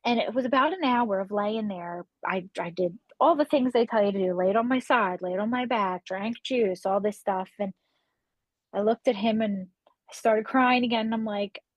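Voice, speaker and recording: A woman in her thirties, a podcast guest, tells a personal story in casual interview style, emotional and voicing the people she quotes. Her mid-range voice moves at a moderate pace, and the recording is dry but low in quality.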